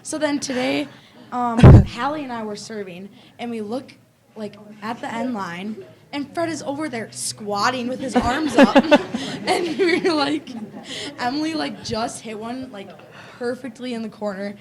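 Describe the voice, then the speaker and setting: A woman's voice: a little high, unhurried, low-quality recording. A young woman, a volleyball player, casually telling funny team anecdotes and laughing through them. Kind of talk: casual storytelling on a panel. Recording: loud crowd chatter behind.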